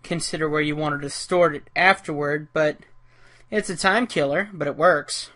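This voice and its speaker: Bright-voiced man musing while drawing. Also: a little high, normal speed. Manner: rambling, self-deprecating, thinking aloud. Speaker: caricature artist. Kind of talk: casual drawing commentary.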